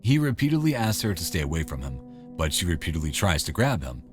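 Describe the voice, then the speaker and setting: A man's voice: sits low, sing-song, fast, over music. A man giving wry, conversational scripted narration.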